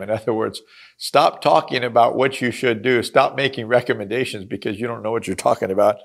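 Low-voiced man teaching through a Bible chapter. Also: brisk, creaky. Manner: earnest, conversational, reads scripture then explains it. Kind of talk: sermon-style Bible reading and teaching.

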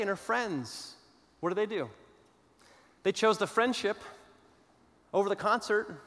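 A man preaching a sermon, telling a story with dramatic pauses and moving between loud declarations and hushed asides. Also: high-pitched, lively intonation. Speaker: pastor. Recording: long hall reverb.

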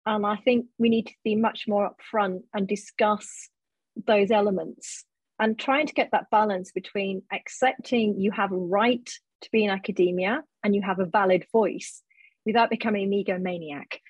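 A woman from Sheffield with a softened Sheffield accent, a guest academic talking frankly in a casual interview, self-mocking and quick to laugh. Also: mid-range voice, fairly even intonation, slightly rough, no echo. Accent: softened Sheffield English. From Sheffield, England.

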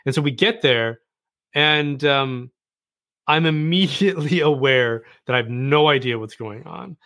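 A man telling a personal story in casual conversation as a podcast guest, animated and self-deprecating. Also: mid-range voice, measured pace, dry recording, clean studio sound.

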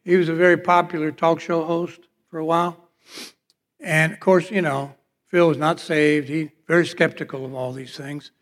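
A man's voice: a little high, level tone, moderate pace, a bit bright. Man preaching a storytelling sermon in a reverberant hall. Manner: storytelling, acts out quoted dialogue. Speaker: pastor. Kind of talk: sermon with personal testimony. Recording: long reverb of a large hall.

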